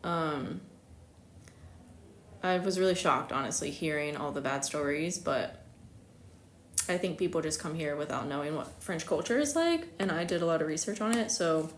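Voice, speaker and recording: A woman's voice: sits low, normal speed, long pauses. A young American woman chatting casually on a live stream, giggling often and acting out quotes with big jumps in her voice. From United States. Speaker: astrologer hosting a live stream. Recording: echoey room, faint hiss.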